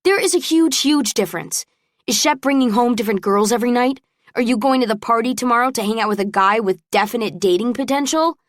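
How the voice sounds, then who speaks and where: A woman voicing a wary young college woman who defends herself quickly in an audiobook. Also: on the high side, no room sound, clean studio sound, pitched above the performer's own voice, lightly acted. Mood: defensive.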